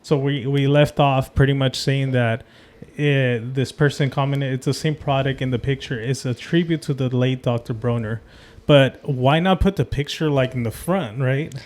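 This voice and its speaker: A man's voice: mid-range voice, moderate pace, darkish tone. A man co-hosting a casual podcast, in a laid-back way, asking questions and reading comments aloud. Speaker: podcast co-host.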